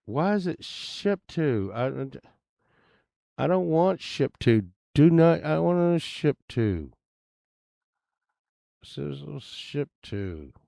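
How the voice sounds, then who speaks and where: A man's voice: on the high side, very animated, slow, gravelly, long pauses, dark tone, no echo, studio quality. A man rambling casually as he browses items online, grumbling and swearing now and then. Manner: meandering, grumbling asides, occasional swearing. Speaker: vlogger.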